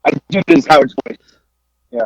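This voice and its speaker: A man's voice: normal speed, dry recording. A man hosting a podcast, chatting casually and hesitantly with many fillers. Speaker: podcast host. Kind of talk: casual chat. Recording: dull, dry lo-fi audio.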